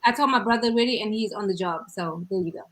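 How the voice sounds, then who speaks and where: A woman with a South African accent, hosting a podcast and telling stories in an animated, emphatic way. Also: mid-range voice, fast, a little hiss or hum, poor audio. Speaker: podcast host. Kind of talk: casual chat.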